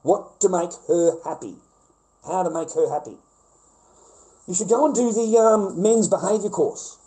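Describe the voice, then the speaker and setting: A man's voice: sits high, unhurried, dark tone, poor audio. An Australian man in a casual, profane rant to a live audience, rambling and repeating himself.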